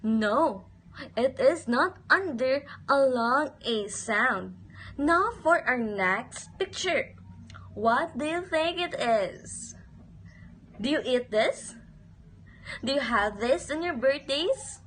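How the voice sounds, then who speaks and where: A woman's voice: sits high, expressive, slow, fairly bright tone, slight background noise. A woman teaching a phonics lesson to young children, asking questions and having them repeat words in a sing-song way.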